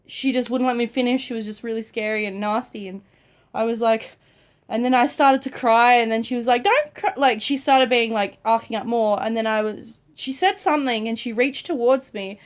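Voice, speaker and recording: A young woman who is sick, telling a casual storytime vlog from bed in a soft-spoken, chatty way with many "like" fillers. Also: fairly high pitch, steady tone, normal speed. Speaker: vlogger. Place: in bed at home.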